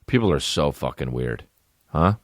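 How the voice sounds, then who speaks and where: A male podcast host with a very low voice rambles through crude comic stories. His delivery is casual and profane, with sudden exaggerated voices. The recording is dry and close, with no room sound. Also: animated, normal speed, no echo. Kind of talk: casual comedic monologue.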